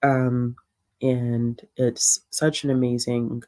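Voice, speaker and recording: A woman's voice: a bass voice, level tone, slow, dark tone. A woman hosting a casual reading livestream from home, chatting easily with frequent ums and laughter. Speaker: livestream host. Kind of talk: casual chat.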